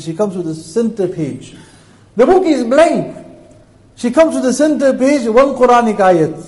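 A man preaching a sermon to his congregation, telling a moral story with impassioned, emotional appeals, swinging between loud passages and hushed ones. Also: sits high, expressive, moderate pace, low-quality recording.

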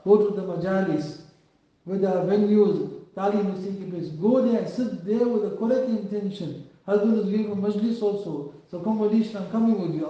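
A man's voice: high voice, dark tone. A man giving an earnest sermon, telling a story and acting out the quotes. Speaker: preacher. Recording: distant, echoey, dull.

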